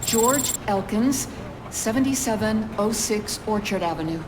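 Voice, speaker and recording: A woman's voice: mid-range voice, expressive, unhurried, background noise, lightly acted. A woman voicing a middle-aged mother who speaks in an anxious, pleading way. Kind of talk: video game voice acting.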